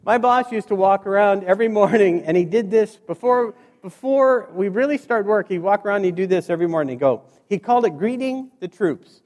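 A man's voice: high voice, fairly quick, few pauses. A man giving a humorous motivational speech, acting out dialogue as he tells his stories. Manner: animated storyteller acting out dialogue. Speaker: keynote speaker. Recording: hall reverb.

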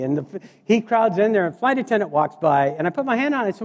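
A man doing storytelling stand-up comedy, animated and acting out the people in his stories. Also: high voice, fast. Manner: animated, acts out voices and scenes. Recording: reverberant hall.

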